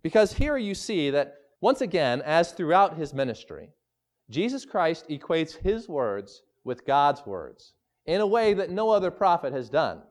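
Man, pastor, sermon, emphatic preaching, slightly high voice. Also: very animated. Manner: emphatic preaching, slowing down for scripture quotes.

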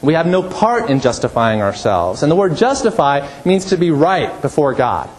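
A man's voice: sing-song, moderate pace, poor audio. Emphatic male pastor preaching. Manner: emphatic, rising to forceful peaks, then dropping low. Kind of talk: sermon.

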